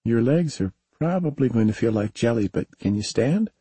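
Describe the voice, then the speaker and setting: A male narrator reading a calm adult woman who comforts a scared child, in a gentle, reassuring way. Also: mid-range voice, moderate pace, husky, no echo, voice pushed up. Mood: soothing.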